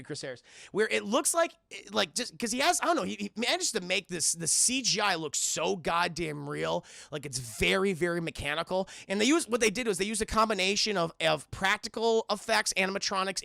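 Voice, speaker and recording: A man's voice: fairly high pitch, creaky, bright, forceful tone, dry recording, studio quality. A man streaming a film recap to his chat, acting out the characters' lines in between, with laughter and swearing. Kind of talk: animated scene-by-scene retelling to chat.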